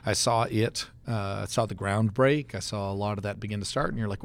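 A man hosts a church podcast in a relaxed, rambling way, circling back and restarting his thoughts. His mid-pitched voice has a gravelly edge to it. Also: a little fast. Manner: rambling, chatty, many fillers and restarts, laughs easily. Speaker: podcast host and church pastor. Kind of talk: casual podcast conversation. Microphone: studio mic.

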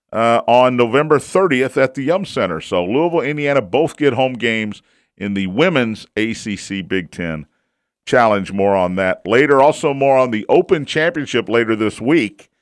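A man's voice: medium pitch, dry recording, studio quality. A man hosting a casual sports talk show, chatty and opinionated, who asks himself questions and answers them.

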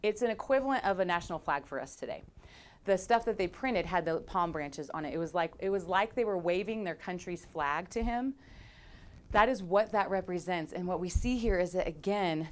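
A woman pastor preaching a conversational sermon to her congregation, animated and playful, acting out scenes with sound effects. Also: fairly low pitch. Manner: conversational, direct address to congregation.

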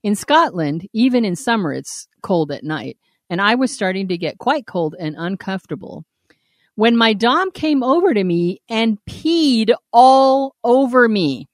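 A woman co-hosting a casual podcast, reading listener letters aloud and laughing often in a blunt, animated way. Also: medium pitch, unhurried, no room sound, clean studio sound. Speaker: podcast co-host.

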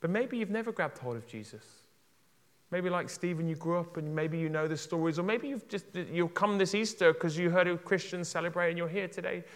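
A man preaching with passion in a church, his fairly high voice trailing off into a long hall reverb. He swings from loud, urgent calls to hushed, tender pleading. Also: brisk. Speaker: pastor. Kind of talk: sermon.

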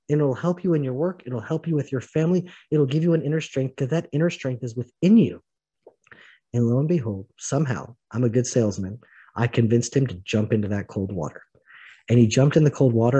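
A man's voice: medium pitch, slightly rough, poor audio. A man teaching the Bible in a recorded live online session, telling stories with energy and acting out the people he quotes. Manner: animated storytelling, acts out the people he quotes.

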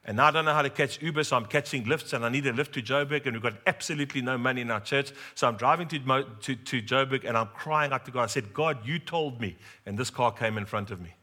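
Middle-aged male pastor; humorous storytelling sermon, bright tone, addresses the congregation directly. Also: mid-range voice, fast, few pauses. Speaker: preacher.

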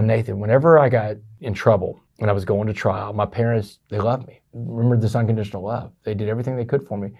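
A middle-aged man, a motivational speaker telling his story in an interview, animated and fast, often saying "man". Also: on the low side, vocal fry, slightly rough. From Texas, USA.

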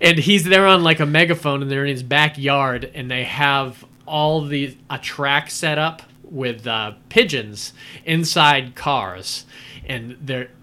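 A man's voice: mid-range voice, slow pace, sharp tone. A man in casual podcast chat, retelling film scenes in a rambling way with many fillers and laughs.

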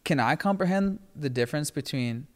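A man hosting a casual podcast chat, animated and given to mimicking other people's voices. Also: fairly high pitch, fairly quick, long reverb tail. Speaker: podcast host.

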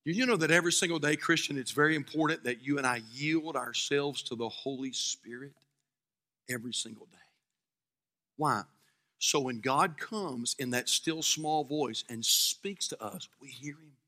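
A male pastor preaching a sermon, swinging between shouted fervor and hushed, quiet passages. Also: medium pitch, moderate pace.

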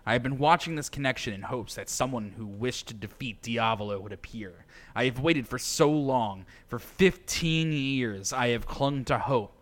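A man's voice: medium pitch, fairly bright tone, close to an everyday voice. A man voicing a solemn, weary veteran ally. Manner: solemn, slow and deliberate. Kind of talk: reading game dialogue aloud.

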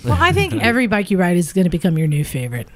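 A woman hosting a casual chat, steering the talk in a brisk, practical way. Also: fairly low pitch, huge pitch swings. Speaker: podcast host.

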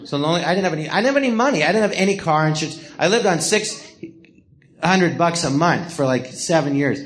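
A middle-aged man from the Los Angeles area with a slightly high voice tells stories in a relaxed interview. He laughs often and acts out what others said. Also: fast. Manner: animated, laughing storyteller who acts out quotes. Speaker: podcast host telling stories. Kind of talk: casual storytelling interview. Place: small live theater.

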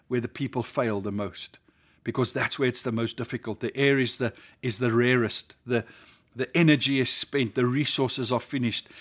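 A South African man delivering a sermon in an earnest, steady voice of middling pitch. He drives his points home by repeating phrases with rising emphasis, stacking line on line. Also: slightly rough. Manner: earnest, builds with emphatic repetition. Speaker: pastor.

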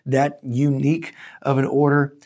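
A man's voice: mid-range voice, completely flat delivery, unhurried, a little mellow, lightly acted. A man voicing a patient woman shop manager coaxing a confused customer.

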